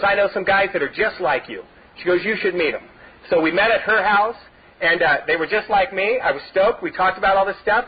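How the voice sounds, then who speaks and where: A middle-aged man from Southern California shares his personal testimony at a recovery meeting held in a meeting hall. He has a high, husky voice and rambles, filling his talk with "you know" and laughing at his own tales, all on dull lo-fi tape.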